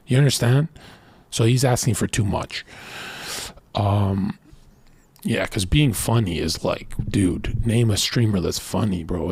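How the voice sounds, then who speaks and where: Male streamer, brash and profane, slightly husky low voice, dry close sound. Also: darkish tone, no room sound. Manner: brash, crude and profane, boastful; lectures with quick put-on voices in his stories. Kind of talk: casual livestream commentary reacting to a thread.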